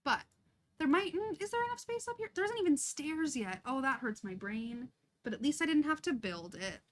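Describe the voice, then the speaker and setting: A woman's voice: high-pitched, lively intonation, moderate pace. A young woman chatting casually and laughing often as she streams a life-sim game, chatty and self-deprecating. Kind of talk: casual live-stream chat while playing.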